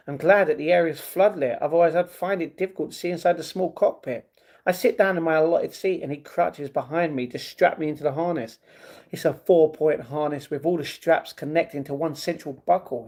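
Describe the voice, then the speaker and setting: Brief: male streamer reading aloud, casual and stumbling, mellow tone. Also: fairly high pitch, a little fast. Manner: stumbling reading with laughing asides. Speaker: livestream host. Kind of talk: reading a novel aloud on a livestream.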